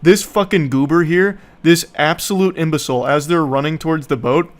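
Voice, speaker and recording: A man's voice: a little high, normal speed. A man giving casual, rambling movie commentary, sarcastic, profane and mocking.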